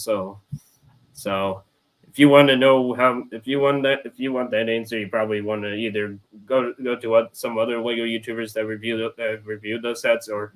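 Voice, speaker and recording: Young adult man, casual host, halting delivery with lots of restarts. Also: on the low side. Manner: halting, many restarts and repeated words. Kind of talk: casual roundtable chat.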